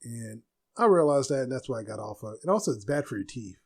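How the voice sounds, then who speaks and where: A soft-spoken man hosting a casual solo podcast from a room at home, rambling with restarts. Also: mid-range voice, lively intonation, fast, creaky, breathy edge. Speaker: podcast host.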